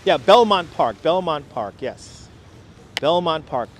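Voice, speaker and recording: Walking a city waterfront on a live stream, a high-voiced Brooklyn man greets viewers by name and trades jokes with the chat. He's expressive and takes it slowly, heard close on a clip-on wireless mic with faint traffic and urban hum behind.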